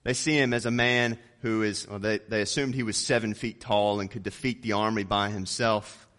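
A preacher with a steady tone reads scripture at normal speed. He works up to loud, emphatic peaks and then lowers his voice on the key words.

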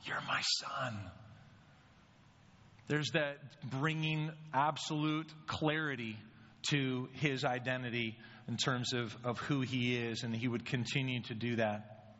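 A man preaching with a bright, forceful voice, speaking casually and tossing rhetorical questions to his listeners. The sound rings with a long hall reverb, and the recording is dull and lo-fi. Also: mid-range voice, little pitch movement, measured pace. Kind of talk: sermon.

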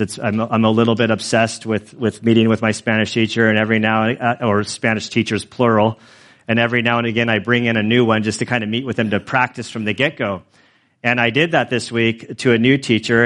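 A male pastor giving a sermon in a relaxed, conversational way, with prayers and a personal story. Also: medium pitch. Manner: conversational, storytelling with self-corrections.

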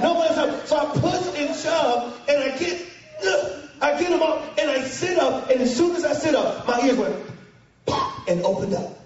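A man preaching a storytelling sermon in a large church hall, animated and often breaking into shouting and snatches of song. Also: extremely high pitch, normal speed, a loud crowd, very noisy. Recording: echoey hall from far off, dull sound.

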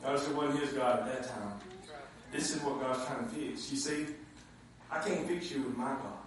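A man preaching a sermon to a responding congregation, swinging between quiet asides and shouted high points. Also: normal speed, a little hiss or hum. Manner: animated, swinging from low asides to shouted climaxes. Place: church sanctuary with congregation. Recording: very echoey hall, mic from far off.

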